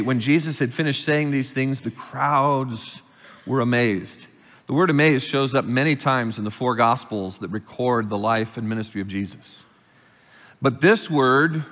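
Pastor preaching in a reverberant church. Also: male voice. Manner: explains scripture calmly, rises in pitch and volume reading verses. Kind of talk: sermon. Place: church sanctuary.

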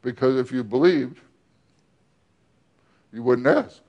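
Slow-speaking male pastor preaching. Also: medium pitch, highs cut off. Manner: asks the congregation questions, with pauses and restarts. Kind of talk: sermon.

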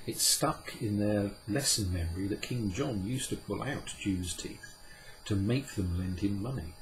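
A man reading a classic children's story aloud as an unhurried, measured narrator. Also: on the low side, slight background noise, poor audio. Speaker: audiobook reader. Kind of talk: scripted narration.

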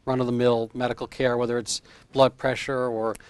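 A man's voice: medium pitch, little pitch movement, a little fast, smooth, dry recording. A man in his fifties, a medical doctor being interviewed in casual chat, rambling through explanations with homespun comparisons. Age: 50s.

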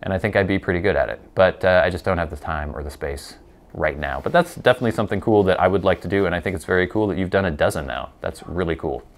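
A man's voice: low voice, fast talker. A man hosting a pipe-smoking show, chatting casually as he answers viewer questions, rambling and poking fun at himself. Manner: rambling and self-deprecating, with many fillers.

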